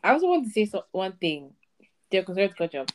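A woman's voice: mid-range voice, big pitch swings, quick pace, slight background noise. A young woman hosting a casual podcast chat, talking freely with many fillers. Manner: chatty, lots of "like" fillers. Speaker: podcast host.

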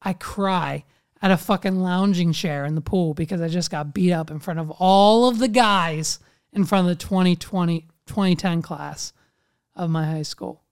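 Profane, animated storytelling man. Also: high-pitched, moderate pace, clear, resonant tone. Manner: animated, swears constantly. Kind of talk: casual storytelling chat.

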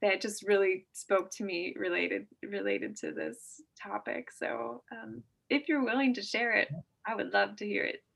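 A woman hosting a podcast interview, asking gentle questions and affirming her guest. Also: mid-range voice, steady tone, measured pace, vocal fry, husky. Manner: warm, affirming, gentle questions with soft laughs. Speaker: podcast host.

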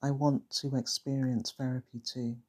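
A storyteller voicing a frightened young woman who survived trauma, talking softly and pleadingly with sentences that trail away. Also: medium pitch, level tone, moderate pace, husky, close to an everyday voice.

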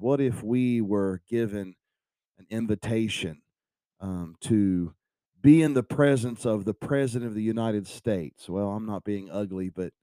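A man's voice: fairly low pitch, warm tone, dry recording. A man preaching an earnest devotional sermon on a podcast, repeating phrases for emphasis.

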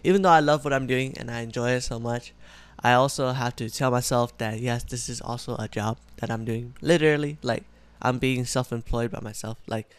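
A man's voice: medium pitch, steady tone, fairly quick, clear, resonant tone, no room sound. A young man chatting casually in a vlog, rambling with lots of fillers, his speech slightly muffled by retainers. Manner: rambling, filler-heavy, self-correcting. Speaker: vlogger.

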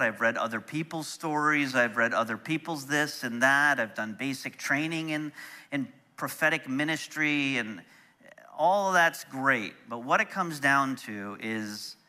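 A middle-aged man preaching, telling a personal story in an animated way that turns soft and quiet when he is moved. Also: on the high side. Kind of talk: storytelling sermon.

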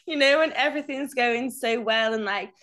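A woman's voice: a little high, moderate pace, fairly bright tone. A young woman, co-hosting a podcast, chatting casually and laughing easily. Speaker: podcast co-host. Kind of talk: casual chat.

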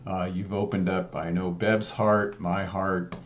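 A man's voice: low-pitched, level tone, measured pace, highs cut off, slight background noise. A man hosting a casual chat, speaking sincerely and gratefully. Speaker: host.

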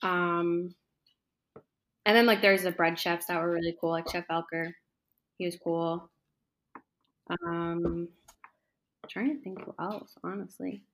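A woman's voice: fairly low pitch, fairly even intonation, takes it slowly, pauses often. A young woman talking casually in an interview, chatty, with lots of fillers. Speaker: interview guest, culinary school graduate.

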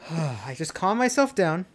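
A young man co-hosting a podcast, telling a story in casual chat and acting out his own past lines. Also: on the high side. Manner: storytelling, animated quoting of himself. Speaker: podcast co-host.

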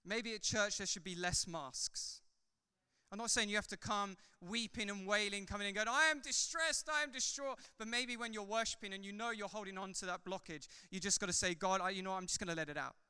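A man who is a pastor, preaching a sermon in a church hall, swinging from loud fervor to soft, chatty asides. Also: sits high, fairly even intonation, brisk, clean tone. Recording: long hall reverb.

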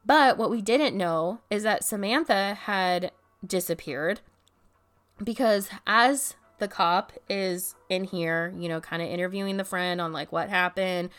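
A woman with a somewhat low, slightly bright voice tells a story casually from her apartment. She's chatty, says "like" constantly, and swears now and then.

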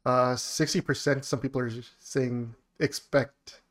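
A man's voice: medium pitch, steady tone, a little slow. Laughing, joking man hosting a podcast. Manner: laughs often, loose and joking. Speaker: podcast host. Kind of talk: casual chat.

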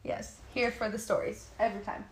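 A woman's voice: mid-range voice, flat delivery, a little fast, roomy sound, a little hiss or hum. A woman co-hosting a podcast, chatting openly and giggling easily. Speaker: podcast co-host, makeup artist. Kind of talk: casual chat.

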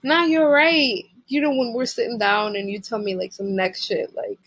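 A woman's voice: a little high, fairly even intonation, normal speed, fairly bright tone, husky, no echo. A young woman co-hosting a casual couple's podcast, talking frankly and playfully and laughing easily. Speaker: podcast co-host.

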